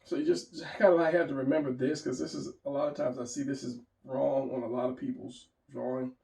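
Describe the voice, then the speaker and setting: This drawing teacher has a medium-pitched, gravelly, dark voice and speaks briskly with fairly even intonation. Hiccuping, he gives a casual lesson, rambling and starting over as he draws and talks it through. The sound is roomy, recorded from a distant mic.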